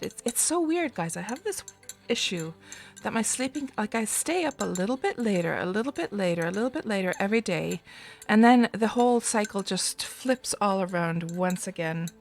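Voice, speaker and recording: A woman hosting a casual game livestream, chatty and greeting viewers by name, her voice still groggy and rough from just waking up. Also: mid-range voice, lively intonation, moderate pace. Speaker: livestream host.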